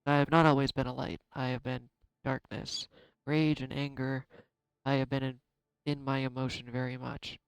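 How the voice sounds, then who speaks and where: A man giving a casual tarot card reading, chatty and self-deprecating, thinking out loud. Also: medium pitch, little pitch movement, moderate pace, creaky, smooth, dry recording, rough recording. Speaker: tarot reader.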